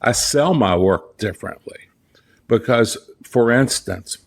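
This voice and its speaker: A man's voice: medium pitch, animated, measured pace, gravelly. A middle-aged man with a Southern US accent, a portrait photographer and studio owner, speaking as an interview guest in his studio. He talks earnestly and with emphasis, often restarting and repeating his key phrases. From Southern United States. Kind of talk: conversational interview storytelling.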